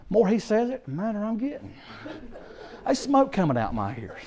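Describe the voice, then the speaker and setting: Middle-aged man, animated storytelling preacher, repeats for emphasis, high pitch. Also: fairly quick. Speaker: guest preacher. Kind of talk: storytelling sermon.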